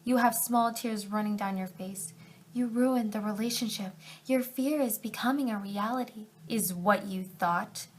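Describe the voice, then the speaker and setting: A young woman reading fanfiction aloud for comedy, breaking off into sarcastic asides, dropping into whispers and jumping to loud outbursts. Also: mid-range voice, a little slow, breathy edge.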